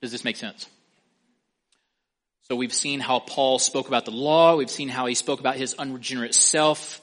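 A man preaching an expository sermon, emphatic, asking the listeners questions and slowing down or speeding up for stress. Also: mid-range voice, steady tone, fairly bright tone. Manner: emphatic, asks the listeners questions, varies pace and volume for stress.

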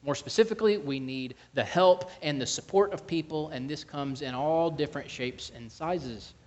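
A man's voice: on the high side, normal speed, muffled recording. A man preaching a sermon as pastor, earnest, with frequent restarts and scripture reading.

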